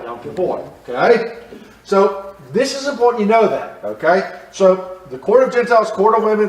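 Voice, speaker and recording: A high-voiced man leads a lively Bible class, often asking the group questions and repeating his points. He is recorded from across a roomy church hall with a clear echo. The mic sits well away from him. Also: recorded from a distance. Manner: animated, asks the class questions, repeats phrases. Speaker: Bible study teacher. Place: church room.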